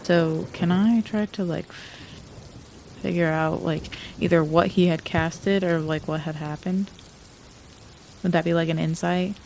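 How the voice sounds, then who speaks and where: A woman talks through her turn in a tabletop role-playing game, slowly and haltingly, with lots of fillers. Her voice is low and gravelly with vocal fry. There is faint noise in the background. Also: fairly even intonation, darkish tone. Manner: hesitant, halting, many fillers. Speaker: player. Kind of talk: casual tabletop game talk.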